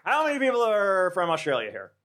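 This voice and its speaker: A slightly high-voiced American man hosts a podcast live on stage before an audience. He riffs loosely and profanely with the crowd, rambling and stammering through restarts as he goes. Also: wildly swooping pitch, fast talker, heavy background noise. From United States. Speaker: podcast host. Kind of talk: live podcast stand-up banter.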